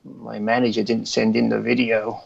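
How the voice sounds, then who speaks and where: A man's voice: medium pitch, little pitch movement, moderate pace, vocal fry, husky, muffled recording. A man with an Australian accent, co-hosting a casual chat, swearing freely and acting out comic voices in his stories. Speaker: co-host.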